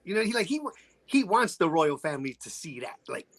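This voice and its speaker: A man's voice: high-pitched, very animated, fairly quick. A man from Chicago guesting on a podcast, telling stories in blunt, profane casual chat.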